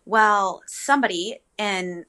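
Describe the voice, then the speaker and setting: A young woman with a bright, clear tone chats through a personal story as an interview guest. She talks in an animated, rambling way, with frequent ums and likes. Her pitch sits in the middle range for a woman. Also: takes it slowly.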